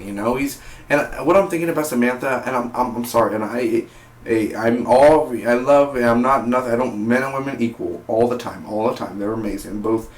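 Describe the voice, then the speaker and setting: Man, TV reviewer, excitable and rambling, mid-pitched voice, roomy echoey recording. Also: a little fast, a little hiss or hum. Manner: excitable, rambling, stumbles over words. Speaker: TV episode reviewer.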